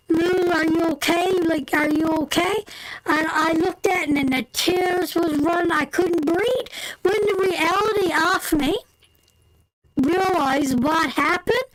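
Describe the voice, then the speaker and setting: This is a woman with a strikingly high voice telling a story on her live stream. She talks loosely and colloquially, saying "me" instead of "my", with plenty of laughter. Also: low-quality recording. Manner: animated storyteller, breaks into laughter; colloquial, drops into "me" for "my". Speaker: tarot live-stream host. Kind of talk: casual anecdote telling.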